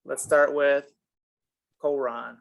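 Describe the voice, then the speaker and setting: A man's voice: mid-range voice, little pitch movement, slow, creaky. Upbeat man moderating game chat. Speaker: discussion host asking questions. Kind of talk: casual group discussion.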